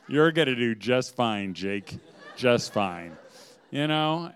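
A man speaking to a room of mothers, telling humorous stories with lots of laughter and big swings in loudness. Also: medium pitch, expressive, slow pace, long pauses, clean tone. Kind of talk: humorous talk to a live audience. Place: room with an audience.

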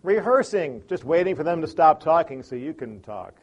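A man's voice: on the high side, very animated, normal speed, lo-fi sound, slight background noise. Man teaching, conversational with asides. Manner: conversational, acts out quoted people. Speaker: teacher on listening. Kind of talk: lecture with anecdotes.

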